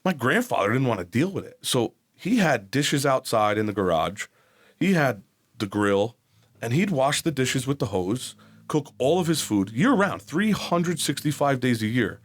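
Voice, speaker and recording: Speaking at normal speed in a sing-song, mid-range voice, a forties-aged man from New Jersey shares his life story as a podcast guest. He's candid, blunt and foul-mouthed, and performs the voices of people he quotes.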